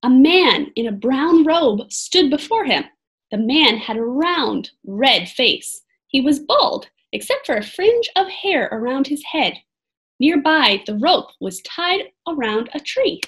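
Woman slowly reading a story aloud. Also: high-pitched, very animated, poor audio. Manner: gentle, asks listeners questions. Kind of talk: storybook read-aloud for children.

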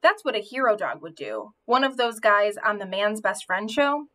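A woman reading a children's novel aloud, telling it in an expressive first-person voice. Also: medium pitch, normal speed. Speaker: audiobook reader.

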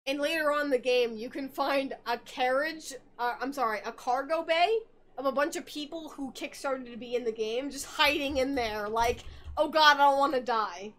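A woman's voice: sits high, moderate pace, fairly bright tone, a little hiss or hum. A tipsy woman hosting a podcast, rambling through a game's story in casual chat, giggling and swearing as she goes. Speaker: podcast host.

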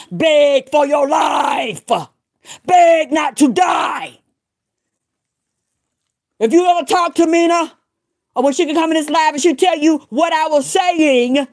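A middle-aged woman with a fairly high voice delivers a profane livestream rant. She sounds defiant and preachy, stacking up short emphatic declarations one after another. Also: darkish tone.

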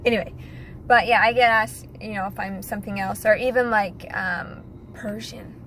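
A woman's voice: medium pitch, fairly even intonation, normal speed, a bit bright, a little hiss or hum, low-quality recording. A young woman with no accent, a model chatting casually to her viewers, giggly and direct. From United States. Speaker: model and vlogger. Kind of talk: casual chat to camera.

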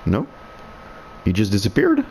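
A man with a deep, low voice talks slowly through his online shooter match, sarcastic and swearing as he grumbles about the other players. English is not his first language; he grew up speaking French. A faint hum sits under his voice. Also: huge pitch swings, darkish tone. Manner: sarcastic, swearing, frustrated muttering. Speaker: gaming streamer. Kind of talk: live gameplay commentary.

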